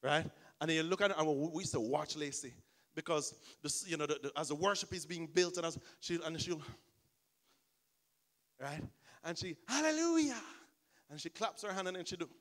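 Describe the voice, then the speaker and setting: A man preaches with a high, bright voice that cuts through clearly. He tells his story in an animated way, slipping into the people he describes. The delivery is a pastor's full sermon style. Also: fairly quick.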